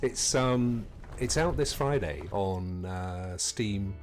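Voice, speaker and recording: Streamer: middle-aged Englishman, low-ish voice, animated and jokey with his chat. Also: takes it slowly, a little hiss or hum. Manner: chatty and jokey, talks to viewers. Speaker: game streamer. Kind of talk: casual let's-play commentary.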